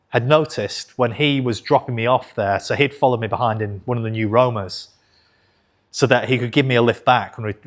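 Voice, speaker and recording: An investing channel host, a man in his thirties, tells a personal story to camera in a medium-pitched voice. He's frank and conversational, swears casually, and corrects himself as he goes.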